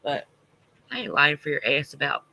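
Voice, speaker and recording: Gravelly, sharp-voiced congested man. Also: a little high, very animated, moderate pace, rough recording. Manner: responds to viewer comments, blunt and profane. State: congested, stuffy nose. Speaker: livestream host. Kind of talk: casual livestream chat.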